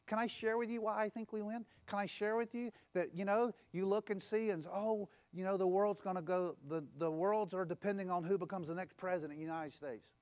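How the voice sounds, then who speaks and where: High-voiced man preaching a sermon. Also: steady tone, a little fast, hardly any pauses. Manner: exhorting, repeats phrases and leads call-and-response. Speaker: pastor. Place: church.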